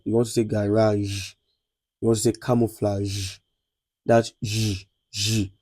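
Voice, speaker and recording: A man with a Nigerian accent teaching a beginners' lesson, repeating sounds slowly and checking that students follow. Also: fairly low pitch, mellow, no room sound. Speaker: lecturer. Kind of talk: classroom lesson on French letters.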